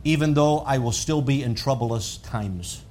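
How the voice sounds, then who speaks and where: A man preaching a sermon, swinging from calm teaching to loud, fervent high-pitched emphasis. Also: a little slow, a little hiss or hum.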